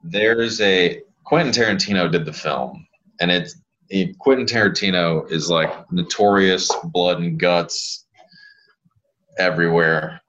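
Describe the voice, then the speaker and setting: Man, very low voice, casual podcast guest, rambling stories, dull lo-fi sound. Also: unhurried. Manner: rambling, animated storyteller. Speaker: pelvic health physical therapist guest.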